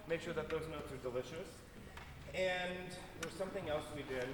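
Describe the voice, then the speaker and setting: Brief: male orchestra conductor, energetic, scats phrases, distant mic, clear room hiss. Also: on the high side, normal speed. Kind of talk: rehearsal instruction. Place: concert hall stage. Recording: echoey hall from far off.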